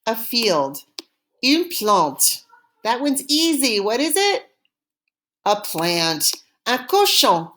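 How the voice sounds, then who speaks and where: A woman teaching French vocabulary, saying each word clearly and repeating it for students to copy. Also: a little high, sing-song, a bit bright. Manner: slow, deliberate, repeating words for students. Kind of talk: language lesson drills.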